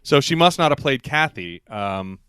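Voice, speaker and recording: Bright, chatty male podcast host. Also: medium pitch, expressive, normal speed, smooth, dry recording, studio quality. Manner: rambling, laughs often, acts out quoted lines. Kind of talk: casual chat recapping a TV episode.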